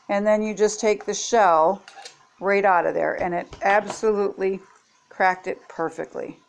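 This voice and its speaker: A woman's voice: mid-range voice, steady tone, unhurried, creaky, a little hiss or hum. Chatty older woman demoing kitchen gadgets. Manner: chatty, homey, talks to viewers while demonstrating. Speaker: product-testing vlogger. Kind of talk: casual kitchen product demo.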